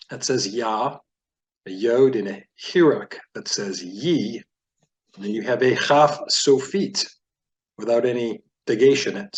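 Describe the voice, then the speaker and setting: A man teaching a beginner reading lesson, patiently explaining sounds step by step. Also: lowish voice. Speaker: Hebrew teacher.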